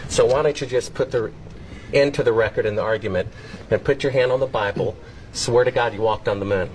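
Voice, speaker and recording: A man's voice: mid-range voice, fairly quick, slight background noise, poor audio. A man insistently pressing someone with the same demand again and again. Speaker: confronting interviewer.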